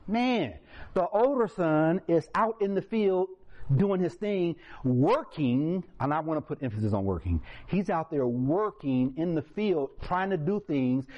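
A man preaching a sermon, telling a story and acting out its characters in a raised voice. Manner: animated, acts out characters in higher voice. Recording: dull lo-fi sound.

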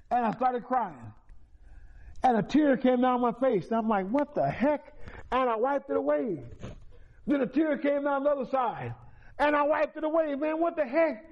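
A man's voice: extremely high pitch, darkish tone. A man telling his own life story as a testimony at a meeting, folksy and repetitive, with chuckles. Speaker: recovery meeting speaker. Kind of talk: personal testimony. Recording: dull lo-fi recording.

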